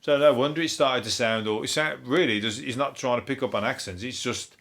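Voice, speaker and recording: A man with a Birmingham accent hosting a comedic news review. He rambles, swears freely, laughs at his own jokes and drops into quick silly impressions. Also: mid-range voice, fairly bright tone. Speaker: comedian host.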